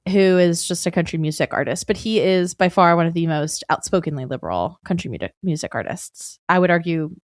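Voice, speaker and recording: A woman co-hosting a podcast in a casual chat, animated, wry and quick to giggle. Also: fairly low pitch, no echo, clean studio sound. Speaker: podcast co-host.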